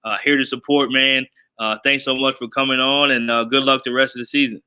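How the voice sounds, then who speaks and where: Fast-talking bright-voiced host. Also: male voice, mid-range voice, flat delivery, clear, resonant tone. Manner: friendly, says "man" often. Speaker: podcast host. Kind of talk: casual interview chat.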